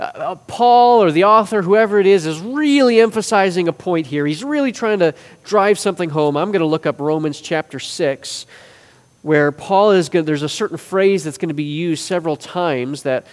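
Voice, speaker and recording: Man, class teacher, emphatic, slightly high voice, long hall reverb. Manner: emphatic, punches key phrases slowly.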